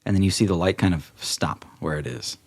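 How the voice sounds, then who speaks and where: A man with a very low voice runs a tabletop game. He narrates scenes in a relaxed, easy way and laughs often. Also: a little fast. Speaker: game master.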